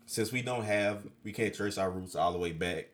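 Deep-voiced man, halting chat. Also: fairly bright tone. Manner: halting, many fillers and repeats. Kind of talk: casual chat.

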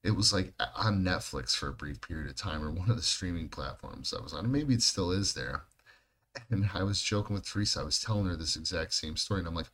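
Low-voiced and talking a little fast, the man co-hosts a podcast, spinning rambling stories in casual conversation full of heavy swearing and frequent laughter.

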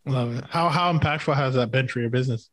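A man hosting a podcast interview, enthusiastic and quick to laugh, thanking his guest. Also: medium pitch, a bit bright, no echo. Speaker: podcast host. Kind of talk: casual interview chat.

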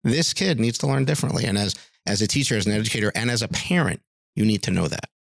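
A middle-aged man with a low, gravelly voice tells a story in an interview. His pitch leaps about as he acts out the people he quotes. The recording is dry and close. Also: lively intonation, fast, no room sound. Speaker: music teacher, podcast guest.

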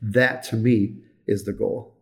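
A man's voice: on the low side, steady tone, slow, gravelly. An older man who directs a children's home, telling a heartfelt story in an interview with earnest repetition.

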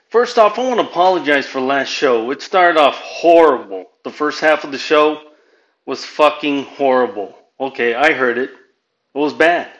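A man's voice: mid-range voice, a bit bright, low-quality recording. A man from Southern California doing a profane, rambling stand-up monologue as a podcast host, dropping Spanish phrases into his English. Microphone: home podcast mic.

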